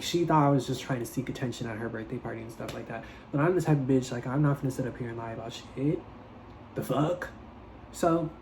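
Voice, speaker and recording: A young man telling a storytime tale in a casual, animated, dramatic way, swearing freely. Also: fairly high pitch, a little hiss or hum, low-quality recording. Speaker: vlogger.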